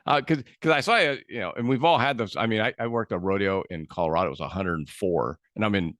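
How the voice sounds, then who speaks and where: A man's voice: lowish voice, quick pace, a bit bright, no echo, clean studio sound. A middle-aged man hosting a podcast interview, joking and rambling with frequent restarts. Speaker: podcast host. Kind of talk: casual interview chat.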